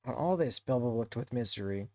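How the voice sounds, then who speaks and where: A man's voice: mid-range voice, lively intonation, a little mellow, dry recording. Man reading a novel aloud, dry sound. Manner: halting read-aloud with frequent self-corrections. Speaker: streamer reading to a book club.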